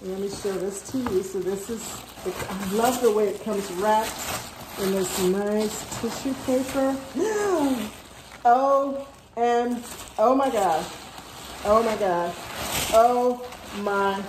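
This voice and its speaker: A woman's voice: mid-range voice, slow pace, roomy sound, noisy background. A woman filming an unboxing vlog at home, gushing with gasps and repeated exclamations of delight. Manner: gushing, gasping, breathless exclamations. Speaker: vlogger. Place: at home, indoors.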